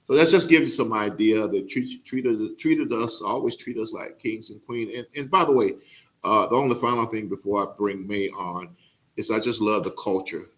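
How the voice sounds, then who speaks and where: A middle-aged man from Mississippi hosts a podcast interview. His voice sits fairly low, and he speaks earnestly, pausing often on "uh" as he gathers his thoughts. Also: fairly bright tone. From Mississippi, USA. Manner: halting, many "uh" fillers, earnest. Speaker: podcast host. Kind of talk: casual interview introduction.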